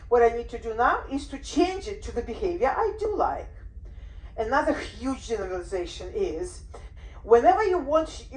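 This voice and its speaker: Animated woman teaching in an echoey room. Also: fairly high pitch. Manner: animated, acts out owner and dog voices. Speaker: dog behaviour trainer. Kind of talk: workshop talk. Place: room on a cruise ship. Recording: roomy echo.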